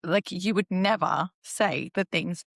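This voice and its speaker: A woman hosting a podcast, speaking in an animated, emphatic way and talking in quick bursts. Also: on the low side, gravelly, dry recording, clean studio sound. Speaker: podcast host. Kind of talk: conversational interview hosting.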